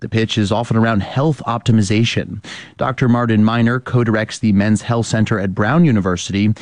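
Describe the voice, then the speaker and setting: A man reads a news report for radio in a steady, measured voice. The studio sound is dry and close, with no room around him. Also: fairly low pitch, no echo.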